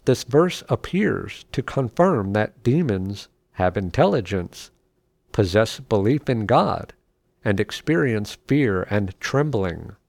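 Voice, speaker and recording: A man reading scripture aloud and explaining it in a measured, scripted teaching style. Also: mid-range voice, creaky, darkish tone, no room sound. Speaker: Bible teacher. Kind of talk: scripted Bible study narration.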